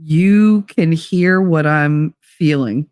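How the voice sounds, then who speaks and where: A woman with a New Jersey accent chats casually on a live stream, animated and full of inflection. Her voice sits on the lower side for a woman. It is recorded close and dry, with no room sound. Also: drawn-out words, no echo. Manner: animated, emphatic, lots of inflection. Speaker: livestream host. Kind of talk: casual chat reading viewer comments.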